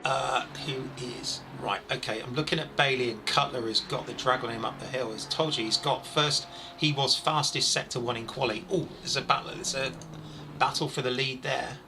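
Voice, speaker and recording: A man over forty doing live, chatty commentary on a sim race, excitable when incidents happen. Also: medium pitch, moderate pace, background noise.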